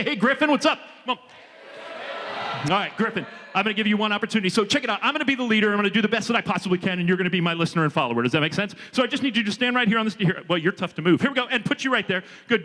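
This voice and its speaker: A man giving an energetic motivational leadership talk to students, drawing the audience in. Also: high voice, rapid-fire. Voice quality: energetic, animated and audience-engaging. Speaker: leadership speaker. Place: large hall with a student audience. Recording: reverberant hall with a long echo.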